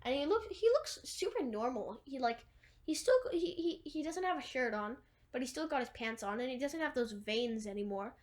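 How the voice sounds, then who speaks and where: A woman's voice: high voice, animated, normal speed. A woman casually retelling a movie plot, rambling through long chains of "and then" and fillers, with wry asides. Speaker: movie recapper.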